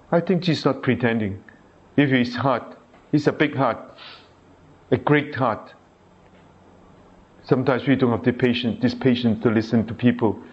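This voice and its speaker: A priest giving a sermon, reading a diary aloud and adding halting asides and rhetorical questions to his listeners. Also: mid-range voice. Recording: dull lo-fi recording.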